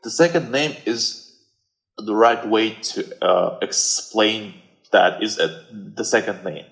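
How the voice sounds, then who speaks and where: A man's voice: lowish voice, slow, creaky, a bit bright, low-quality recording. A man with a Russian accent, a guest in a casual chat, who hesitates and searches for English words.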